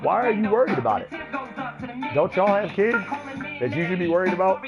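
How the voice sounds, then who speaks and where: A man's voice: high-pitched, sing-song, a little fast, long pauses. A man in a swaggering, profane, boastful rant, cursing freely. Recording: muffled recording over loud music.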